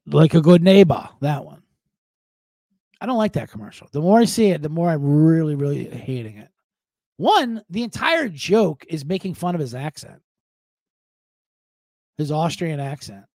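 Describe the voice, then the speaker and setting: Animated, high-voiced male podcast host. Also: moderate pace, long pauses, dry recording. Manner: profane, jokey, animated rambling. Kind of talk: casual solo podcast monologue. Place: at home.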